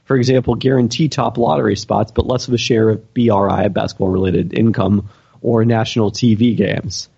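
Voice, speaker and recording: A man with a deep, dark, rough-edged voice talks through his ideas on a podcast. He hedges and circles back, filling pauses with fillers as he searches for words. The audio is a little dull and muffled. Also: steady tone. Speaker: podcast panelist answering listener questions. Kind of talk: casual podcast discussion.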